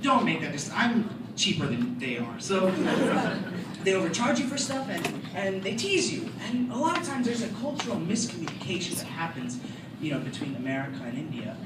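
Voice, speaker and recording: A teenage boy doing stand-up comedy, telling stories in an animated, self-mocking way on a school auditorium stage. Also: sits high, fairly quick, heavy background noise. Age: teens. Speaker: student comedian. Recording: echoey hall mic from far off, loud laughter.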